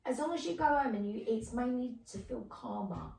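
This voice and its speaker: Animated middle-aged woman telling stories. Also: fairly high pitch, a little fast, gravelly. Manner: animated storyteller, acts out voices of people in her stories. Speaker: podcast guest, clairvoyant medium. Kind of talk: casual storytelling chat. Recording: roomy, distant mic.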